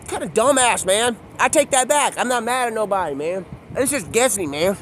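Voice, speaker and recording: Young guy with a pretty high voice rambling and cussing outside, goes quiet then loud, faint street noise behind. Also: moderate pace. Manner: profane, excitable, swings between mumbling and loud outbursts. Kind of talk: rambling casual monologue.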